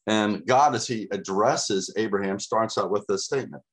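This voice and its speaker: A pastor delivers his sermon in a fairly low voice. He leans hard on key words, pausing and repeating them for emphasis. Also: fairly bright tone. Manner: emphatic preaching with dramatic pauses and repetition.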